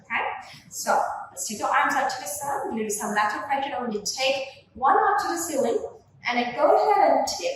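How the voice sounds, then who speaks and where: A young woman leading a gentle Pilates workout with slow, soothing cues, filmed on a camera from across the room. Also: high voice, a little hiss or hum. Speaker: Pilates instructor. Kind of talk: guided workout instruction. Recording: echoey room, voice from a distance.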